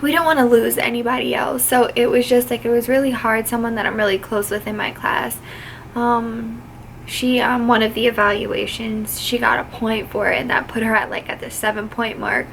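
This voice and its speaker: A woman's voice: fairly high pitch, little pitch movement, normal speed, gravelly, a bit bright, slight background noise, low-quality recording. A young woman vlogging about finishing flight attendant training, gushing and emotional, close to tears, talking casually with lots of filler words. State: teary, on the verge of crying. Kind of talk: casual vlog chat.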